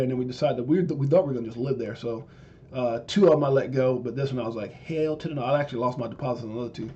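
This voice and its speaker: A man's voice: medium pitch, mellow, lo-fi sound. A man hosting a casual crypto livestream. He stammers, repeats himself and talks with emphasis. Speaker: crypto show host.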